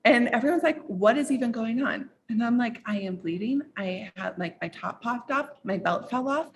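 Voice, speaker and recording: A woman business coach telling a personal story to a group, animated and full of "like", with big jumps up in pitch. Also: slight background noise.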